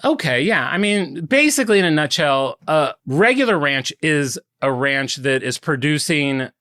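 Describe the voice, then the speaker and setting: A man co-hosting a podcast, spinning stories with playful energy. His pitch swings widely, and his voice sits dry and close with no room around it. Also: moderate pace, dry recording. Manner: animated storyteller, playful. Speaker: podcast co-host. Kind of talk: casual chat.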